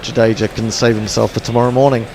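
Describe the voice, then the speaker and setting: A man doing relaxed ball-by-ball cricket commentary on an internet radio stream, chatty and dry, with plenty of fillers. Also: mid-range voice, quick pace. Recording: faint background noise.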